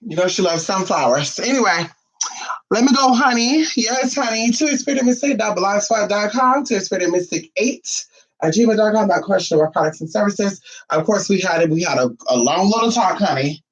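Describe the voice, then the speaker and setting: A man vlogging casually from home, sassy and profane, cooing baby talk at his dog, his voice a little hoarse. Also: sits high, expressive, brisk, poor audio. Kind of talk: casual chat to camera.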